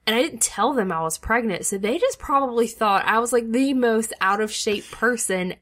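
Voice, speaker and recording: A woman with a fairly high voice talks in a loose, tired podcast chat. She laughs easily and pokes fun at herself. She sounds worn out and a little short of breath. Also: lively intonation, moderate pace, a bit bright. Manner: chatty, laughs often, self-deprecating. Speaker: podcast co-host. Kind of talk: casual late-night chat.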